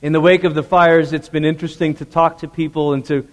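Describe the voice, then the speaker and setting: A pastor with a slightly high voice preaches fast and with flat delivery to a congregation in church. He stays earnest and conversational, regularly addressing direct questions to listeners, and the sound has the long reverb of a large hall.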